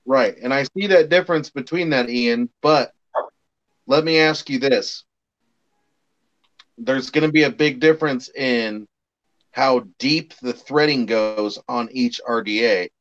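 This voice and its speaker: A man's voice: medium pitch, unhurried, fairly bright tone. A man explaining vaping gear in a patient, step-by-step way during a casual chat, on a dull lo-fi recording.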